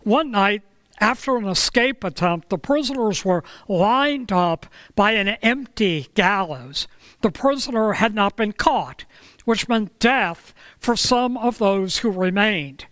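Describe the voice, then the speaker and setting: A man preaching a sermon, telling a story in a slow, measured way with dramatic pauses. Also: sits high, expressive, a bit bright, no echo. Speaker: pastor.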